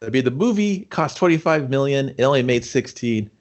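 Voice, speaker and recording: A man's voice: medium pitch, a little fast. A man co-hosting a podcast, reviewing a movie in casual chat, swearing a lot and acting out scenes in put-on voices. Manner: profane, animated, acts out scenes in voices. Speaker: podcast co-host.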